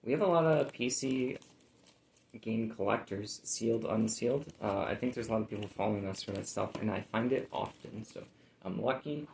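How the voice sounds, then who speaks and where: A man's voice: lowish voice, normal speed, creaky, darkish tone, echoey room, a little hiss or hum, poor audio. A man chatting casually about items he has sold, laid-back and rambling with lots of fillers. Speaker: reseller showing sold items. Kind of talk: casual chat.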